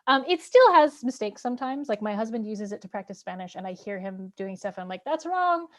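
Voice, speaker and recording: A woman hosting an interview, a former language teacher, talking in a rambling way with halting restarts. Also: medium pitch. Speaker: host, former Spanish teacher. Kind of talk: casual interview chat.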